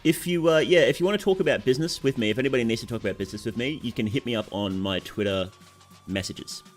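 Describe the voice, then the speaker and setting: A man's voice: mid-range voice, fast talker, soft background music. A young Australian man with a sore throat chatting casually on a game stream, reading out chat and answering it.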